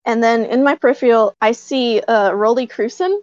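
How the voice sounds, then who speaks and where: Woman, puppeteer, casual storytelling, excited, laughs often, lots of fillers, dry slightly muffled recording. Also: on the high side, normal speed, dry recording.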